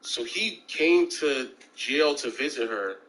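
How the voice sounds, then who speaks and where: A man's voice: takes it slowly, poor audio. A man telling stories in casual chat and acting out the people in them with jumps in his voice. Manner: animated, acts out quoted voices with big pitch jumps.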